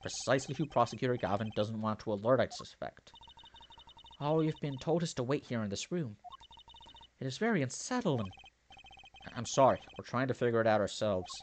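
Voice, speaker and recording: A man's voice: mid-range voice, very animated, brisk, long pauses, a little hiss or hum. A man playing through a story game, reading the characters' lines in his own voice and breaking off to joke and theorize. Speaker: let's play commentator. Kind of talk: game playthrough reading dialogue aloud.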